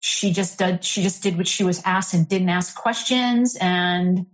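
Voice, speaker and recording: With a fairly low voice and a measured pace, a middle-aged woman who serves as an interfaith minister opens up in a candid personal story. Her delivery is heartfelt and lively, packed with filler words.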